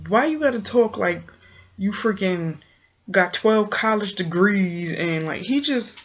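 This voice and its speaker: A woman's voice: medium pitch, lively intonation, measured pace. A woman giving a blunt, sassy, slang-heavy casual recap of a TV episode. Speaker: TV recap vlogger. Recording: muffled lo-fi recording.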